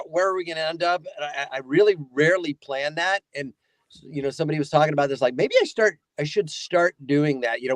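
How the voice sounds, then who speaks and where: A voice-actor guest who tells stories in a loose, rambling, animated way, his voice sitting on the higher side for a man. The recording is close and dry, with no room sound. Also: no room sound. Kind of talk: casual chat.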